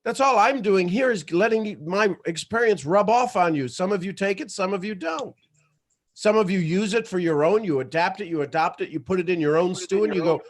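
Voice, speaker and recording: A man hosting a motivational livestream, talking in an emphatic, animated storytelling way. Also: sits high, moderate pace. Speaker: motivational show host.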